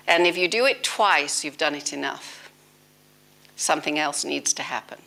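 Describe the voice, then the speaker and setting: Gravelly low-voiced British woman teaching. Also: normal speed. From Britain. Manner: lively storytelling, laughing, acting out dialogue. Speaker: spiritual teacher. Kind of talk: informal spiritual talk.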